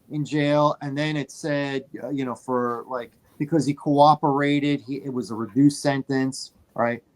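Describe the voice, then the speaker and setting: A man co-hosting a laid-back movie podcast, talking in a mid-range voice. He tells his story with lots of energy. He hammers his points home by saying them twice. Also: medium pitch. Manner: animated storyteller, repeats phrases for emphasis. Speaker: podcast co-host. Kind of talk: casual movie chat.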